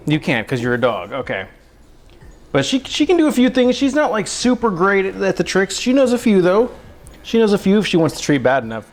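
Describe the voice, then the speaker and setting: Chatty man with a higher voice. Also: sing-song, fairly quick, soft background music. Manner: chatty, self-mocking, coos at his dog. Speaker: cooking livestream host. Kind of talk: casual livestream chat. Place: home kitchen.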